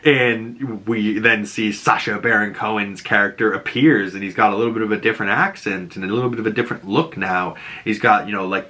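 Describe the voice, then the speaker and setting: A man with a bright voice talks through a TV episode as a casual recap host. He keeps it chatty and loose, piling on fillers and laughing at the lines he quotes. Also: on the low side. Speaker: reaction and breakdown host.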